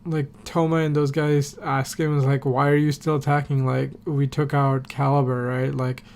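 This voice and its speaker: A man's voice: medium pitch, little pitch movement, moderate pace, vocal fry, darkish tone, slight background noise. A man recapping a TV episode on a podcast in a casual, rambling way, full of fillers and casual swearing. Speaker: podcast host.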